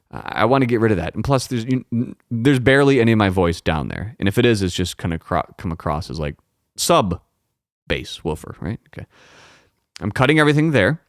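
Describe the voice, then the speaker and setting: A man's voice: medium pitch, no echo. A man hosting a podcast, talking casually and profanely about his recording setup into a close studio microphone at home. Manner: rambling, profane, self-interrupting. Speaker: podcast host. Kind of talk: casual solo talk about audio gear. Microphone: close dynamic studio microphone.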